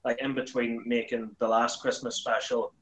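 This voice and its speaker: A man's voice: medium pitch, level tone, normal speed, poor audio. A young man hosting a casual chat, rambling with many fillers. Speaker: host.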